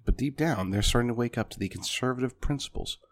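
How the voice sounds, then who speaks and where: A man's voice: medium pitch, quick pace. A man delivering a punchy political commentary monologue, speaking directly to his listeners as folks.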